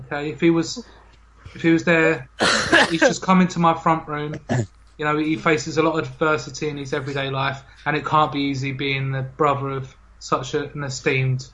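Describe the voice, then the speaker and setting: A man hosts a comedy podcast with a teasing, mock-formal manner. His voice is bright and fairly high for a man, and he breaks into laughter easily. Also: highs cut off, a little hiss or hum. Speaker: podcast host. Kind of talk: playful comedy podcast hosting.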